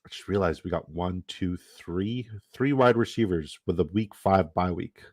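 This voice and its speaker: A man's voice: deep voice, normal speed. Profane joking man streaming a draft. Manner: profane, joking, laughs often, trash-talks other drafters. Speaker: fantasy football streamer. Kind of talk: casual live-stream chat while drafting.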